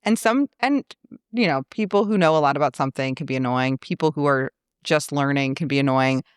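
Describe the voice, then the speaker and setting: A woman's voice: sits low, brisk, clear, resonant tone, no room sound, clean studio sound. A woman in her thirties hosting a casual podcast chat as a money coach, laughing often and talking playfully. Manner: chatty, laughs often, playful mock voices.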